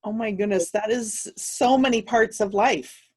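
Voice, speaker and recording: A woman host chimes in with short reactions while the guest talks. Her voice is husky and a little high. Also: measured pace. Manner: brief reactive interjections.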